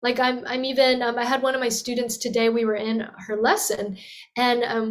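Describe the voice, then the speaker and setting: A young woman teaches voice in an earnest, flowing way, with a fairly high speaking pitch. She breaks off to demonstrate with sighs and sung vowels. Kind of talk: teaching talk with vocal demonstrations.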